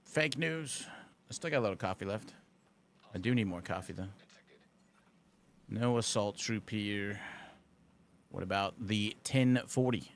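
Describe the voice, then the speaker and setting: A man's voice: fairly low pitch, unhurried, long pauses, slight background noise. A man streaming a game live, chatting casually and answering his chat with dry, sarcastic banter. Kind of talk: casual gaming commentary.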